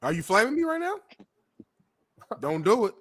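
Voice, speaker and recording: A man's voice: high voice, sing-song, moderate pace, a bit bright, slight background noise. A man co-hosting a sports talk show in casual banter, playful and teasing. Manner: playful, teasing, hums sound effects. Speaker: co-host.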